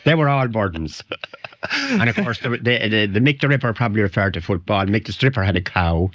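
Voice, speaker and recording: A man's voice: lowish voice, lively intonation, brisk, fairly bright tone, no room sound. An older man with a Wicklow Irish accent, a guest in a radio interview, telling rambling anecdotes and chuckling. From Ireland. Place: radio studio. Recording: dry, dull 1990 radio studio recording.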